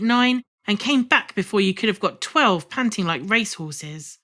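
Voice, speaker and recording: Woman audiobook narrator, measured and expressive classic storytelling. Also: mid-range voice. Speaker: audiobook reader. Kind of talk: scripted narration of a classic novel.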